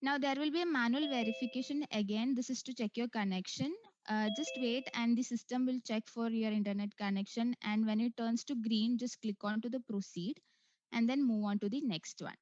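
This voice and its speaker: Higher-pitched woman walking through a test. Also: fairly quick, a little mellow, muffled recording. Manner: step-by-step instructional, frequent "uh" and "so". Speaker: online test tutor. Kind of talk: screen walkthrough tutorial.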